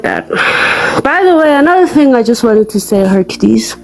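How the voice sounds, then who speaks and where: A woman's voice: a little high, huge pitch swings, moderate pace, creaky, darkish tone, faint music behind. A woman on a live-stream panel, mocking and sing-song.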